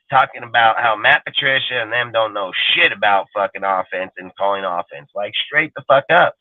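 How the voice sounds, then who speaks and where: A man's voice: lowish voice, normal speed, hardly any pauses, no echo. Male sports talk host, heated and profane, dry tinny phone-quality audio. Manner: profane, emphatic, ranting.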